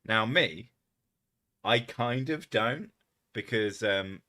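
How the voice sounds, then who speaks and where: English guy streaming, low voice but sharp bright tone, swears a lot and rambles. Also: expressive, slow pace. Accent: southern English. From England. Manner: swears freely, laughs often, rambling. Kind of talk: casual livestream chat.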